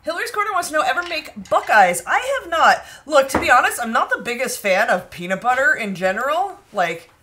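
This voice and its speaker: Giggly woman co-host, bright and animated, reading chat comments in a casual home vlog. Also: sits high, fairly quick, hardly any pauses, a little hiss or hum. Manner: giggly, chatty, reads viewer comments aloud.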